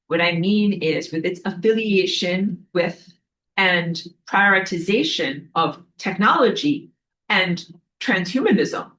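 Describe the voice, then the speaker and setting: A woman's voice: fairly low pitch, a bit bright, low-quality recording. A woman giving a preachy spiritual lecture to a class, in an emphatic, scolding manner that sometimes turns to swearing. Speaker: spiritual teacher.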